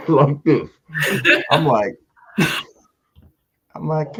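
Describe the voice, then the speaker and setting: A comedian and host from the tells a story in casual chat, acting out the people in it. His voice is husky and swings widely in pitch. The recording sounds muffled and lo-fi. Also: moderate pace. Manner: animated storyteller, acts out voices in high pitch.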